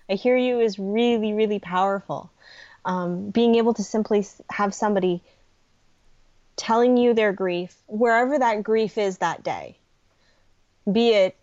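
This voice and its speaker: A middle-aged woman, a guest on a podcast, speaking earnestly and gently about grief support, with frequent pauses and ums. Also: medium pitch, no echo, lo-fi sound. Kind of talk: podcast interview conversation.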